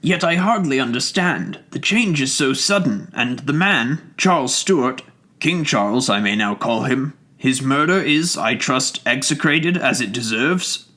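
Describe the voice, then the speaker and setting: Storybook part: a man doing a cautious, loyal old English gentleman, formal and quietly astonished, medium pitch. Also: lively intonation, a little slow. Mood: puzzled. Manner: earnest, formal, faintly astonished. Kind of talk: audiobook character reading.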